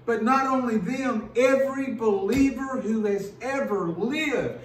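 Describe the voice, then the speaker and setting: High-voiced preacher, slow and echoey. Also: male voice, distant mic. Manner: earnest, emphatic preaching with slow pauses and repeated words. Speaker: pastor. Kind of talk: sermon.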